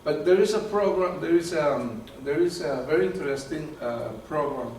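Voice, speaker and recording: This presenter talks at a normal speed in an animated, fairly high male voice, giving a live lecture to a small audience that asks questions. Hunting for terms, he keeps repeating himself and starting over. The mic sits far away, leaving heavy echo and light room hiss.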